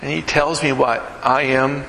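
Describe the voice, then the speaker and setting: A middle-aged male pastor preaching a sermon, asking the congregation rhetorical questions and moving between hushed and raised delivery. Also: mid-range voice, flat delivery, unhurried, vocal fry. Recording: echoey hall with background noise.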